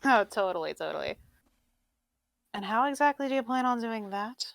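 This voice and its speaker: A woman's voice: fairly high pitch, animated, normal speed, creaky, dry recording. Woman voicing a cocky scruffy adventurer gal, mocking, dry close sound. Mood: skeptical. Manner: mocking, playfully skeptical. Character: brash grimy female adventurer, teasing. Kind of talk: tabletop role-play in character.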